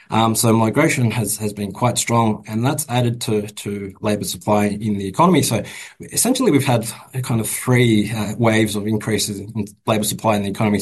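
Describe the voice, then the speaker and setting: A bank economist with an Australian accent answers interview questions casually, with many fillers and restarts. His voice is lowish and husky, and the audio is poor.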